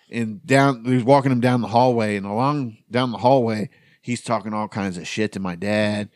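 A man's voice: fairly low pitch, moderate pace, no echo. A man in his thirties hosting a podcast, telling a long school story among friends, swearing freely and acting out the voices of the people in it. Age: 30s. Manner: profane, animated storyteller acting out quotes. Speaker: podcast host.

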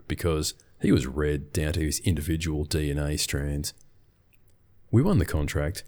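A man's voice: a bass voice, darkish tone. A middle-aged man, telling a scripted business story in a dry, wry way. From Australia.

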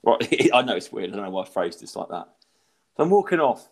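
Lively man telling comedy stories. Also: on the low side, brisk. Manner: animated storyteller acting out voices, swearing freely. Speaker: podcast co-host, stand-up comedian. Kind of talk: casual chat, storytelling.

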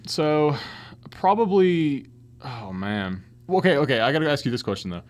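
A young man in casual conversation, playful and quick to laugh and agree. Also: mid-range voice, sing-song. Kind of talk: casual chat.

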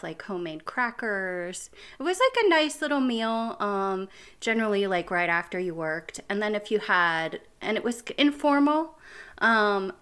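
A woman's voice: mid-range voice, fairly bright tone. An American woman co-hosting a podcast, chatting casually and giggling, with lots of "like" and "um". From United States. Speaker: podcast co-host. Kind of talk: casual chat.

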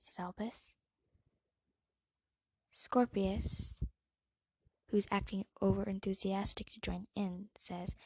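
Husky-voiced woman reading a play aloud. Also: medium pitch, steady tone, measured pace, a little mellow, no echo. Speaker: reader.

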